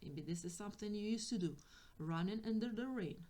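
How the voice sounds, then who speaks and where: A woman's voice: medium pitch, animated, brisk, warm tone. Hesitant woman giving a tarot reading. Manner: hesitant, restarts often, searches for words. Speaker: tarot reader. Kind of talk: spiritual guidance reading.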